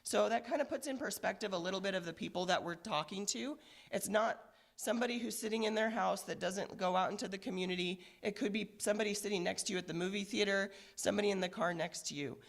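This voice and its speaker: A woman police commander with a hoarse voice from a recent illness, giving a measured, earnest press conference statement with frequent fillers. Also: mid-range voice.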